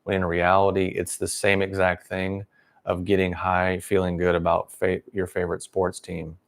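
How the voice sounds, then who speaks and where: A man's voice: sits low, completely flat delivery, moderate pace, creaky. A man hosting a livestream, giving a rambling, sarcastic opinion monologue. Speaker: livestream host.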